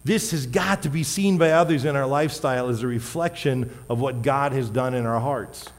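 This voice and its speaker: Male pastor, sermon, emphatic stresses, medium pitch, long hall reverb. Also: normal speed. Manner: emphatic, shifts between loud stresses and quiet asides. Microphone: wearing a microphone.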